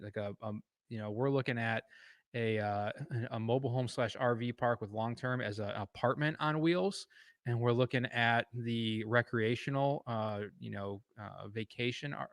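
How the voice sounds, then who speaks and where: A man's voice: medium pitch, fairly bright tone, no room sound. A man from Illinois giving a loose, conversational lesson on valuing property, with many fillers and self-corrections. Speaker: real estate educator. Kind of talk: casual teaching talk. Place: indoor room with a board.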